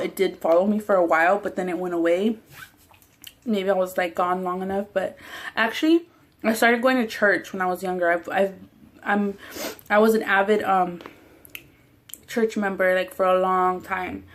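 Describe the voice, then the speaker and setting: A woman chatting casually while eating on a mukbang vlog, rambling, swearing freely and often laughing. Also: medium pitch. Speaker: mukbang vlogger.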